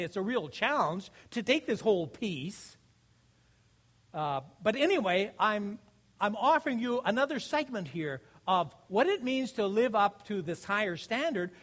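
A male pastor delivers an earnest, exhorting sermon. His voice sits high and swings widely in pitch as he asks the congregation questions and restarts his sentences. The recording sounds dull and lo-fi. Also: fairly bright tone.

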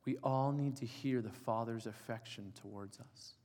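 A man in his forties preaching a sermon, telling an emotional personal story and dropping to soft, quiet tones for emphasis. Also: medium pitch, moderate pace. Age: 40s. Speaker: pastor. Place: church hall. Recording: reverberant church hall.

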